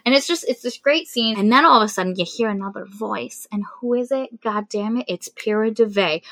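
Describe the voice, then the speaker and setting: A woman casually recapping a novel's plot as a podcast co-host, animated and acting out the characters' lines. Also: fairly high pitch, fairly quick, dry recording. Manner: animated retelling with quoted voices. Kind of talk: casual chat.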